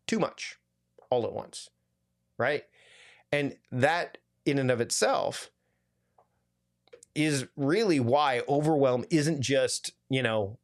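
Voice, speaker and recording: A man of medium pitch leads a live online workshop as a productivity coach. He talks in a casual, animated way, piling on asides and restarting his sentences. It sounds like a video call.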